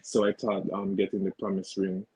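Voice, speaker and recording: A man's voice: low-pitched, monotone, normal speed, darkish tone, slightly rough, no room sound, poor audio. A man answering dating questions on a video call in brief, hesitant replies full of fillers. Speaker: guest single. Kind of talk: interview answers.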